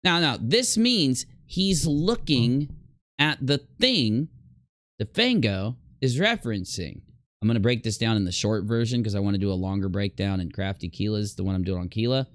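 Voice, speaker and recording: A man's voice: fairly low pitch, animated, moderate pace, a bit bright, dry recording, studio quality. A man talking in a casual, rambling commentary over video clips, stressing his points emphatically. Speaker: YouTube commentator.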